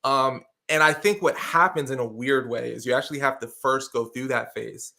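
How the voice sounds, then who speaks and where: A man with a bright, forceful voice tells stories as a guest on a talk show. He speaks with lively energy and explains his points with feeling. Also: mid-range voice, normal speed, gravelly. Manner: energetic, expressive storyteller with many fillers and restarts. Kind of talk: casual conversational interview.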